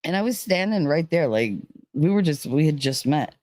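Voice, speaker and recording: A woman's voice: low voice, lively intonation, moderate pace, a little mellow, dry recording. A woman telling a personal story in a casual, rambling way, full of "like" and "you know.". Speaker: vlogger.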